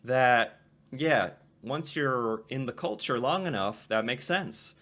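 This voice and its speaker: Canadian guy reacting to a video, chatty, keeps laughing, bouncy bright voice. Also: medium pitch, lively intonation, slow pace, a little hiss or hum. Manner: chatty, laughs often between remarks. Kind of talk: casual reaction commentary.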